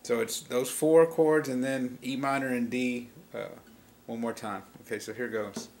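Man, casual guitar tutorial, easygoing chord explanations, loud acoustic guitar behind him. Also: mid-range voice, steady tone, moderate pace, creaky. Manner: easygoing, explains chord shapes plainly with small restarts. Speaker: guitar teacher. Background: acoustic guitar being played.

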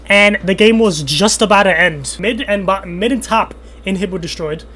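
A young man streaming a team shooter game, trash-talking his friend with crude jokes and sudden excited yells. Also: high voice, moderate pace, slight background noise. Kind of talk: casual gaming chat.

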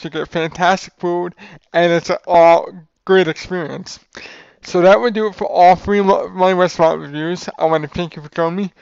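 A man's voice: on the high side, vocal fry, clean tone, dry recording. An enthusiastic man reviewing food in a casual vlog, rambling with restarts and calling his viewers "folks". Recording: dull lo-fi sound.

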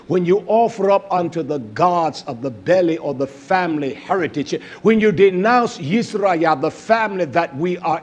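A man preaching a fiery, confrontational sermon, scolding and cursing, swinging between loud outbursts and low muttering.

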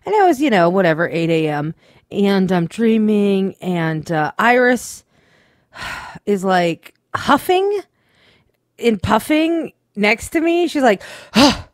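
A woman co-hosting a radio show, telling a weekend story in casual, swearing, animated chat. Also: medium pitch, unhurried, no echo, studio quality. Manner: chatty storyteller, swears freely, acts out quotes.

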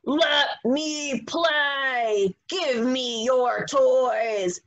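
A woman voicing a greedy, bossy male wolf in a storybook, speaking slowly and demandingly. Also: high-pitched, a bit bright, lo-fi sound, exaggerated voice. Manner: slow, demanding, mean.

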